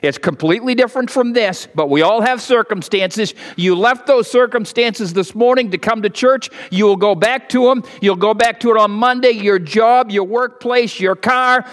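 A male pastor delivering a sermon in a conversational way, lifting and lowering his voice to stress his points. His voice sits high for a man. The sound carries the long reverb of a church sanctuary. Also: normal speed, few pauses. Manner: conversational preaching, voice rising and dropping for emphasis.

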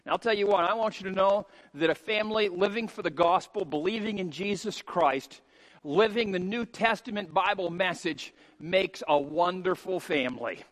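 A middle-aged man preaching a sermon as a pastor, emphatic and rising to shouts on key points. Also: sits high, normal speed. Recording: long hall reverb.

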